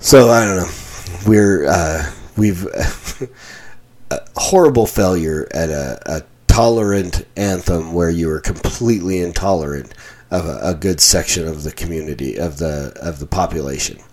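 A man talking in a very deep, low voice. He speaks slowly and earnestly, like a preacher, with frequent fillers and restarts. He sounds tired and a bit irritated. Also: expressive, darkish tone. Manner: halting, many restarts and fillers. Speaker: podcast host. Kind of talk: casual reaction commentary.

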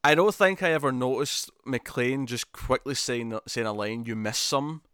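Male podcast co-host, mid-pitched, halting delivery, dry close mic. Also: animated, a bit bright, smooth, no room sound. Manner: halting, repeats words, laughs between points. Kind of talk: casual film discussion.

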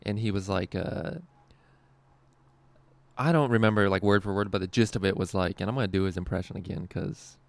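A man's voice: low-pitched, fairly quick, creaky, pauses often, dry recording. A young adult man, a stand-up comedian hosting a podcast, telling stories in rambling, profane casual chat and laughing often.

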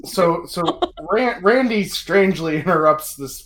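A man's voice: high-pitched, lively intonation, measured pace, a bit bright. A man running a tabletop game as game master, wry and laughing as he reads out dice rolls.

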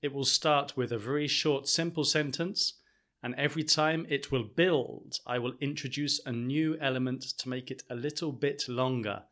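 Man, language teacher, bright clear tone, careful explanations, repeats examples. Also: mid-range voice, fairly even intonation. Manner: slow, deliberate, repeats example sentences. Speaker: English teacher.

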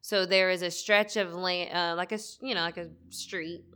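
A woman co-hosting a podcast, telling a story in a relaxed way with fillers. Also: on the low side, normal speed, smooth. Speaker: podcast co-host. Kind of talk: casual podcast chat.

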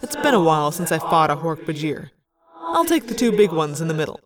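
A woman's voice: low-pitched, very animated, brisk, far from the mic, a crowd in the background. A woman voicing a stern, curt veteran male alien commander in a fan-made audiobook reading. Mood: grimly confident.

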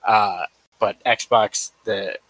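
A man's voice: fairly low pitch, steady tone, drawn-out words, a bit bright. A man co-hosting a casual podcast chat, talking in an eager, jokey way. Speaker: podcast co-host.

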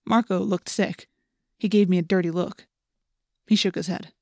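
A woman narrating a first-person audiobook in a measured, even storytelling manner. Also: on the low side, no room sound, studio quality.

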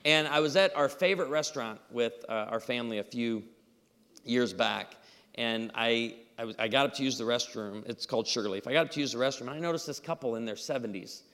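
A man preaching a humorous sermon with stories, acting out dialogue in an animated way. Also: medium pitch, fairly quick. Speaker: pastor. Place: church auditorium. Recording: live hall reverb.

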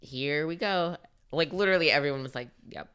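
A woman co-hosting a podcast in casual chat, laughing often and mocking people with quick put-on quotes. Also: sits low, a bit bright, smooth. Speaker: podcast co-host.

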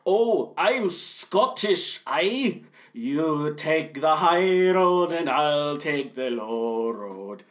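A man's voice: on the high side, expressive, drawn-out words, voice pushed down. A man voicing a film actor who keeps slipping in and out of a fake Scottish accent, delivered in a mocking, sing-song way.

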